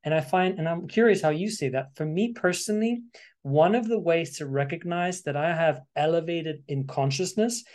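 A man hosting a podcast interview, talking in an expressive, animated way and sometimes acting out his inner voice. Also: fairly high pitch, normal speed. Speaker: podcast host. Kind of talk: conversational interview.

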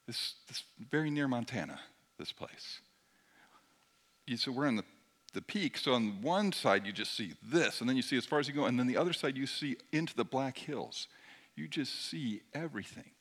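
A middle-aged man preaching a sermon in a conversational way, dropping at times to a hushed near-whisper. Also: medium pitch, lively intonation, normal speed. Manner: conversational, shifts between loud emphasis and hushed near-whisper. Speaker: pastor.

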